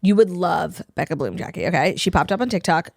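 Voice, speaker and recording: A woman in her thirties co-hosts a casual gossip podcast, racing through her words with lots of "like" fillers. Her voice sits low for a woman. The sound is dry and close, with no room echo. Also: expressive, creaky, a little mellow. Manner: chatty gossip, many "like" fillers, fast outro read. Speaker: podcast co-host. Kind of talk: casual chat.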